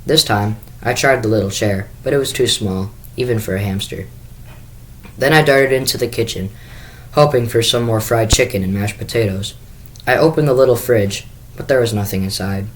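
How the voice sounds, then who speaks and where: A man's voice: lowish voice, normal speed, low-quality recording. A man reading a children's book aloud in first person, with the occasional small restart. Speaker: school staff reader.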